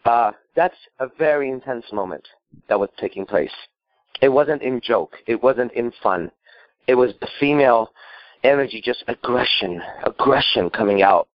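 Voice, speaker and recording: A man's voice: medium pitch, lively intonation, normal speed, no room sound, dull audio. A man working as a dating coach, answering a caller's question with emphatic, profane storytelling.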